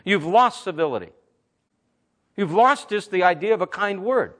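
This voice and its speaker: A man in his fifties, a Christian talk host, telling stories and preaching in a blunt, emphatic, animated way. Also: sits high, normal speed. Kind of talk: conversational preaching with storytelling.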